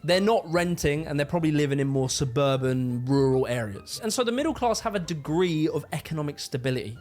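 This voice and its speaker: A man narrating an explainer video, chatty and brisk with some casual swearing. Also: on the high side, a little mellow. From United Kingdom. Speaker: video presenter.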